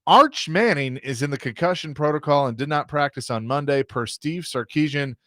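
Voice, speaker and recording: Easygoing sports radio host, dry sound. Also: male voice, on the high side, moderate pace, a bit bright, no echo. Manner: laughs easily, reads out news notes and draft picks. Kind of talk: casual sports radio talk.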